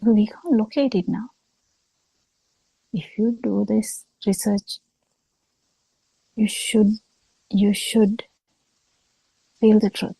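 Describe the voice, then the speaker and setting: A woman giving a Buddhist talk over a video call, speaking slowly with halting pauses and fillers. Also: medium pitch, fairly even intonation, gravelly, warm tone, breathy edge, dry recording, poor audio. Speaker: Buddhist teacher.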